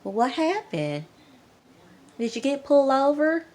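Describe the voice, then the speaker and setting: A woman putting on a twangy country mom, high and pleading. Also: sing-song, unhurried, darkish tone. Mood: anxious. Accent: Southern US country twang. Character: worried middle-aged mom with a country twang.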